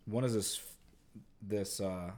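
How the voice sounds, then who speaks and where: Man, very low voice, conversational podcast co-host, rambling storyteller. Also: steady tone, slow, darkish tone. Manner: rambling, heavy use of "like". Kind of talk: casual storytelling chat.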